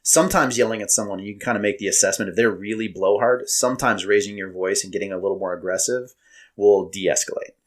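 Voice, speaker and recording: Fast-talking husky man, loud storyteller. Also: on the low side. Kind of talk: casual podcast chat.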